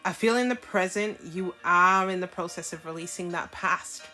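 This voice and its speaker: A woman's voice: fairly low pitch, normal speed, sharp tone, faint music behind. A woman giving a casual tarot reading to camera, frank and chatty, often checking in with her listeners. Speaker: tarot reader.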